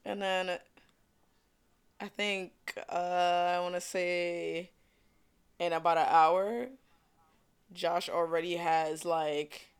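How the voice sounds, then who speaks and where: A man's voice: high voice, flat delivery, slow, long pauses, clean tone. A young man from Brooklyn with a New York accent, hosting his own podcast in a laid-back, slangy, rambling chat. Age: young adult. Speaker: podcast host. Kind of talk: casual solo podcast chat.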